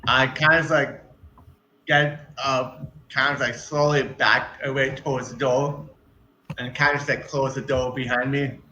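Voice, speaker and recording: A man playing in a tabletop game, who talks in a hesitant, halting way with many uhs. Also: medium pitch, steady tone, bright, forceful tone, a little hiss or hum. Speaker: player. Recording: echoey, dull room recording.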